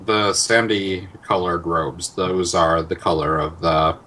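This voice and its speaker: A man's voice: low voice, fairly even intonation, takes it slowly, sharp tone, slight background noise, low-quality recording. A man playing a tabletop game, talking casually and thinking aloud as he rambles through his moves. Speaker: player.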